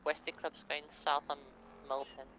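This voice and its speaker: A man's voice: a little high, flat delivery, moderate pace, bright, forceful tone. A man playing a police officer in a game, giving clipped reports over radio. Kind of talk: in-character game roleplay radio chatter. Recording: muffled game radio with faint hiss.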